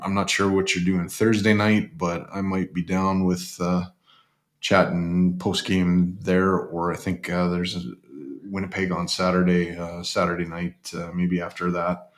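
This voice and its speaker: A man co-hosting a casual sports podcast, talking in a relaxed way with frequent restarts. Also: low voice. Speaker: podcast co-host.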